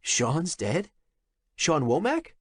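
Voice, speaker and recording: A harried young office worker in a thriller audiobook, played by the male narrator, urgent and strained, his voice pushed higher than the reader's own. The recording is close and dry. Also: wildly swooping pitch, very slow, breathy edge, dry recording, heavily acted. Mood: anxious.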